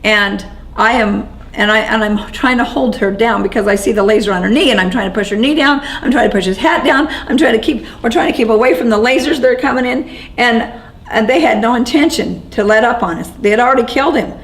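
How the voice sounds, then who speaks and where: A woman with a gravelly, slightly high voice gives a first-person eyewitness account as an interviewee. She sounds halting and shaken, often restarting and repeating words. The recording quality is low.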